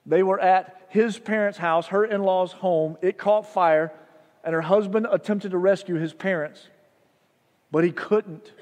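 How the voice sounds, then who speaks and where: A male pastor preaching a sermon, telling a story with soft, hushed passages and loud rises. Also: sits high, steady tone, a little slow. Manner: storytelling, dropping soft for drama and rising loud. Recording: long hall reverb.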